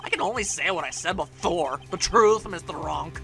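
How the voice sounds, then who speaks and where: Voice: medium pitch, normal speed, faint music behind. Ein Sprecher leiht einer kühlen, herablassenden Zeugin in einem Videospiel die Stimme, mit flachem, verächtlichem Ton und einem misslungenen fremden Akzent. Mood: dismissive. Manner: flat, condescending, with a failed foreign accent. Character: cold, dismissive woman witness.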